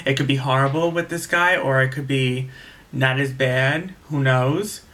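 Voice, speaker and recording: A young man with a bright, forward voice rambles through a casual storytime, doubling back on himself as he goes. He sounds exasperated, venting more than narrating. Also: mid-range voice, measured pace. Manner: rambling, with frequent restarts and asides. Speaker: vlogger.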